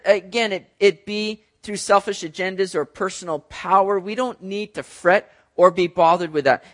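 A man's voice: high voice, fairly bright tone. A man preaching a sermon in a conversational way, talking directly to his listeners and acting out voices in a story. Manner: acts out voices in an illustrative story. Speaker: pastor.

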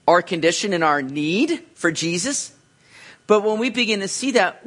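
A man preaching a sermon as a pastor, in a conversational, animated way with many asides, often leaping up to act out reactions. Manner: animated, jumps into high voices to act out reactions.

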